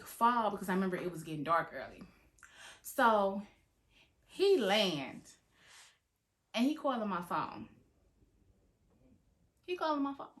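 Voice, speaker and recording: A woman telling a dramatic story from her own past in a casual storytime style, full of swearing and big reactions. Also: medium pitch. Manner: animated, dramatic, heavy swearing. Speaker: storytime vlogger.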